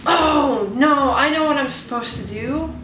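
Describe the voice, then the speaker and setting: A woman's voice: high voice, unhurried, noisy background. Chatty woman in an echoey room. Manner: rambling, chatty, wry asides to the viewers. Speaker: let's play commentator. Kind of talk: casual gameplay commentary. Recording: echoey room, distant mic, music behind.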